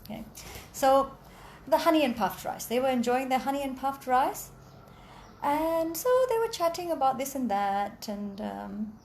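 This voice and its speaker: Animated high-voiced woman storyteller. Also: a little slow, a little hiss or hum. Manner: animated, expressive, with sound effects. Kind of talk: oral storytelling.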